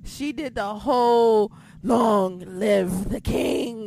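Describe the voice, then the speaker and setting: A woman hosting a podcast, recapping in casual chat, excitable and profane, swinging between shouting and muttering. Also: fairly high pitch, extremely slow, vocal fry, a little hiss or hum. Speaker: podcast host.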